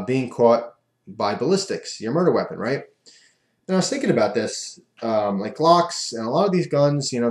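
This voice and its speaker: A man's voice: fairly low pitch, a little mellow. A man casually telling a rambling, self-amused story as a vlogger, recorded in an echoey room.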